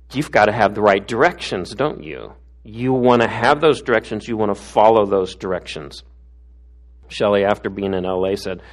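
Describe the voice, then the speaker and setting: A middle-aged man giving a conversational sermon as a pastor, often tossing in tag questions. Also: lowish voice.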